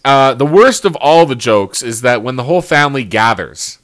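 A man of ordinary pitch chatting casually as a podcast co-host. He picks apart a TV episode with sarcasm, swearing and laughing as he goes. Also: lively intonation, moderate pace, a bit bright. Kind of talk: casual chat.

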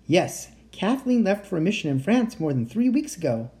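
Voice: medium pitch, sing-song, moderate pace, mellow, a little hiss or hum, pitched above the performer's own voice, lightly acted. A reader voicing a polite teenage boy enchanter who speaks in formal, old-fashioned phrasing. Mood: earnest.

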